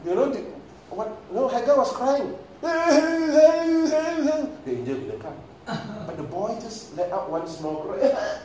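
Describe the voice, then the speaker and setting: Animated preacher in an echoey hall. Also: male voice, high-pitched, moderate pace. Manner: animated, dramatic, acts out scenes, laughs often. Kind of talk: sermon. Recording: echoey hall, distant mic, ambient noise.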